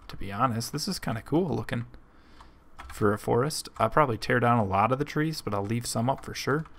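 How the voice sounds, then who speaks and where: A young man with the hiccups commentating his game casually, thinking out loud with lots of ums. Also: mid-range voice, a little hiss or hum. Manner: rambling, thinking aloud with many ums. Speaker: let's play host.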